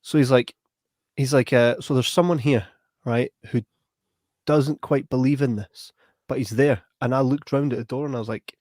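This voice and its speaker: On his podcast, a young Scotsman tells an extended story in a loose, animated, rambling style, frequently ending lines with "right?". He speaks at medium pitch and normal speed in a dry, clean studio recording.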